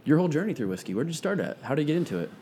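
A man's voice: a little high, big pitch swings, very fast, mellow, a little hiss or hum. A man in his late thirties co-hosting a podcast, upbeat and asking the guest questions. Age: late 30s. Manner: upbeat, asks questions, laughs easily. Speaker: podcast co-host. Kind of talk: casual podcast chat.

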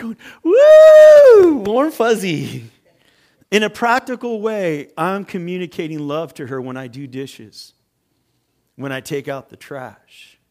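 A middle-aged man preaching a sermon as pastor, telling stories with acted-out voices and building to emphatic points. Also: mid-range voice. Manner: animated storyteller, acts out voices, rising to emphatic preaching.

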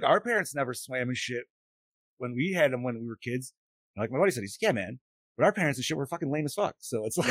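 This podcast host, a man in his late thirties, talks fast in a fairly high-pitched voice on a dry recording. His casual storytelling is profane and animated, full of acted-out quotes.

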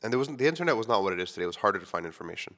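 Casual rambling man, lowish voice. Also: very animated, racing, fairly bright tone. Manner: casual, rambling, many "like" fillers. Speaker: podcast host. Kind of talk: personal storytelling.

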